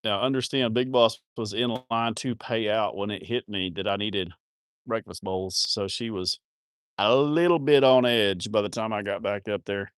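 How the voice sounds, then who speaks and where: A man's voice: lowish voice, normal speed, clean tone, no echo, clean studio sound. Joking man hosting a farm livestream. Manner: rambling, joking and self-mocking, with crude words. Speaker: livestream host of a cattle farm channel. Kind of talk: casual live-stream chat reading viewer comments.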